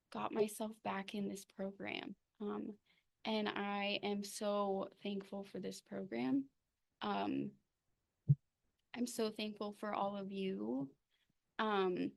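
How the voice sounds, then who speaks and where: A young woman giving a personal recovery testimony, halting and full of ums and pauses. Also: medium pitch, gravelly. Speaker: recovery meeting speaker.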